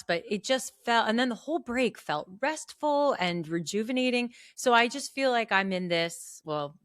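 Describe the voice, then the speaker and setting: A woman chatting casually with friends, reflective and halting, acting out quotes in a raised voice. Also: on the low side, no echo, studio quality. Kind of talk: casual chat among friends.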